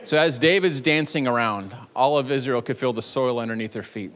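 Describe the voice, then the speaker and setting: A man's voice: medium pitch, brisk, fairly bright tone, long reverb tail. A male pastor preaching a sermon in a church, telling a story with jokey asides and playful energy. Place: church sanctuary.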